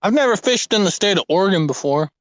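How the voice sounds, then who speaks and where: A young man with a high, smooth voice, rambling through a profane, animated fishing story in casual chat. The sound is close and dry, with no room around it. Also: quick pace, dry recording, low-quality recording. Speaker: fishing vlogger. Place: outdoors at a lake.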